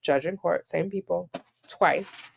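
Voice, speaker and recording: A woman's voice: on the low side, takes it slowly, gravelly, slight background noise. A woman reading court filings aloud and breaking off into dry, sarcastic commentary. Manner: sarcastic, dryly incredulous asides. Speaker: online commentator.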